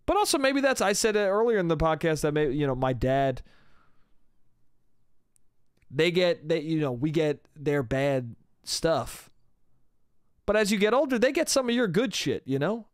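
A man's voice: fairly high pitch, lively intonation, normal speed, pauses often, clear, resonant tone, no room sound, clean studio sound. A young man hosting a solo comedy podcast, talking in a loose, rambling way, swearing casually and trailing off. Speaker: podcast host.

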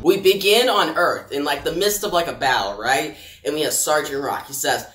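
A man's voice: a little high, normal speed, hardly any pauses, fairly bright tone, soft background music. A man reviewing comics in a casual, chatty way, often addressing his viewers. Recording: echoey room.

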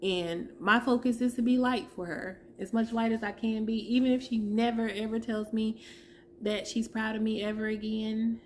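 Heartfelt halting woman sharing her story. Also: fairly high pitch, steady tone, darkish tone, slight background noise. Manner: heartfelt, halting, searching for words. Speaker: vlogger. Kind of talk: personal testimony to camera.

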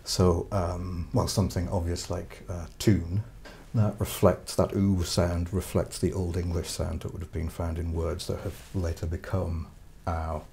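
Male academic interviewee, very low mellow voice, even delivery, pauses to think. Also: creaky, a little hiss or hum. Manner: thoughtful, hesitant with fillers. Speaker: linguistics professor. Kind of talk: interview explanation.

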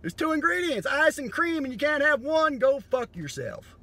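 A man doing a profane, sardonic comedy monologue that breaks into sudden loud bursts. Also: very high voice, very animated, normal speed.

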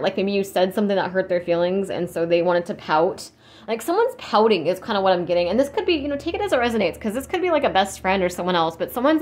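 A woman doing a casual spiritual reading for viewers, rambling and reassuring, full of "like" and "you know". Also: on the low side. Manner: reassuring, speaks directly to viewers. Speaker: tarot and spirit-guide reader.

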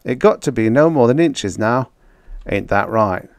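A man voicing a burly male convict who growls his words in rough, slangy speech. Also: mid-range voice, expressive, a little slow, dry recording. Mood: urgent. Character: gruff burly male convict, blunt and impatient.

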